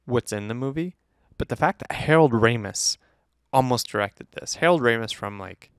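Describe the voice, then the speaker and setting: A man co-hosting a movie review podcast, talking casually and teasing his co-host, with a gravelly voice. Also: mid-range voice, animated, normal speed, no echo, studio quality. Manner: playful, teasing, lots of fillers.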